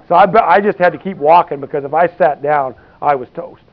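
This preacher's voice runs on the high side and moves a little fast. His sermon is conversational and homespun, drifting into many asides with "you know" dropped in often, and the recording has a tinny, phone-like quality.

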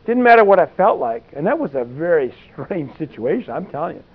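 Very animated and brisk, a man with a fairly high, slightly breathy voice gives a rambling, conversational sermon in a folksy style, full of asides and constant "you know." The recording is tinny, as if from a phone.

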